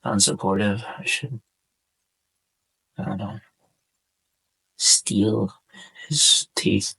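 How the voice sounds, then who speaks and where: A young man hosting a casual podcast, speaking in a subdued, halting way with a sore throat, as if on the verge of tears. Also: lowish voice, fairly even intonation, bright, forceful tone, breathy edge, rough recording. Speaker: podcast host. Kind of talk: casual personal monologue over gameplay.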